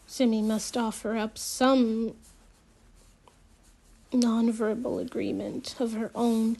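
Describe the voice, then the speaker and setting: A woman narrating a first-person novel for an audiobook. Her voice sits a little high, and she reads at an unhurried, deliberate pace. Her delivery is measured and steady throughout. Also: vocal fry.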